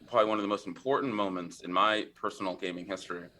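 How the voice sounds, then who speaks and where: A man's voice: low-pitched, steady tone, fast talker, pushed and bright. A middle-aged man, a podcast guest, telling a rambling story in casual interview talk, full of fillers and restarts.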